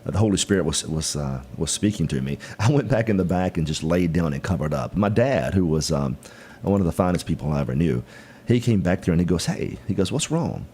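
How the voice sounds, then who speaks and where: A man's voice: low voice, fast, darkish tone, husky. A man from Mississippi, a guest speaking in an earnest, folksy way with plenty of fillers. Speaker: political guest. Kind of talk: casual interview.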